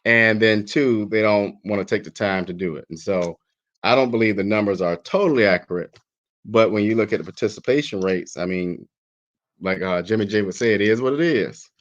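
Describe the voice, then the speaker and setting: Low voiced guy, guest on a talk show, muffled lo-fi sound, slow and hesitant with lots of ums. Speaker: guest commentator. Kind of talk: casual talk show discussion. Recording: dull lo-fi line.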